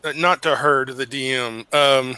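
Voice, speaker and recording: Bright-voiced male player. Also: medium pitch, fairly even intonation, moderate pace, smooth, no echo, low-quality recording. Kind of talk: tabletop game chat.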